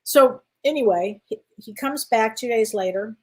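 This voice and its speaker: Woman co-host, casual storytelling, animated, acts out dialogue, slightly high voice. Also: normal speed, slightly rough.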